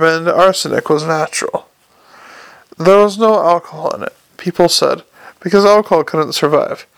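A man narrates a storybook with a gravelly, slightly raised voice. He tells the story steadily and voices the characters himself, and his voice sounds close and dry. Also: on the high side, a bit bright, dry recording. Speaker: audiobook narrator. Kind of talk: scripted narration.

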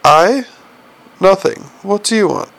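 A softly menacing older ruler, voiced by a male audiobook narrator speaks with calm, clipped dryness. The voice sits low and quiet with a gravelly edge. Every sentence sounds measured and faintly amused. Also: heavily acted. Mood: dry menace. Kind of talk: audiobook character reading.

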